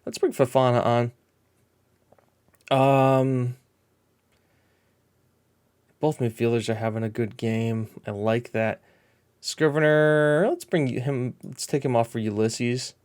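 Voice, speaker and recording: A man talks loosely over a game he is playing, trailing off and restarting his thoughts. His voice sits at an ordinary middle pitch. When play turns tense, he jumps into quick, excited calls. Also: smooth. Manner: chatty and rambling, excitable bursts at match action. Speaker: gameplay commentator. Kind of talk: casual let's-play commentary.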